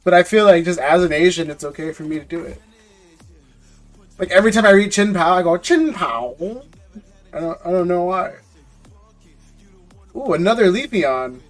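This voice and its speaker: A man's voice: high voice, normal speed, pauses often, soft background music. A man hosting a live stream, chatting casually and jokingly with viewers in loose slang, often repeating words as he goes. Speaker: live-stream host opening trading card packs.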